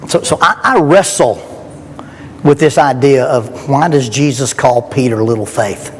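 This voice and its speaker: In a church hall with long reverb and faint background noise, a middle-aged man preaches to a youth rally. His medium-pitched voice has a breathy edge and a moderate pace, and he speaks earnestly and emphatically, posing rhetorical questions.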